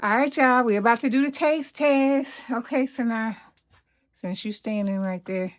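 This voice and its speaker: This Southern-accented woman from Mississippi hosts a cooking vlog, chatting casually, laughing a lot, and calling her viewers y'all. Her voice sits fairly high and moves at a normal pace.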